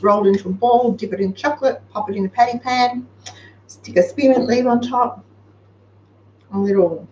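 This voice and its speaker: A woman's voice: medium pitch, mellow, far from the mic. Chatty Australian woman hosting, roomy sound. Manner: chatty, practical, giving homely advice. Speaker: host. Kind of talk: casual live-show chat. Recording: roomy, slightly dull sound with faint noise.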